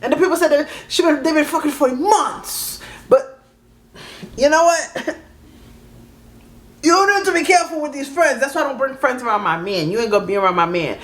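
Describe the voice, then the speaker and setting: A woman in her thirties hosting a reaction video, chatting in a sassy, animated way and laughing often as she tells her own story. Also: on the high side, a little fast. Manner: laughing often, sassy, calls listeners "baby".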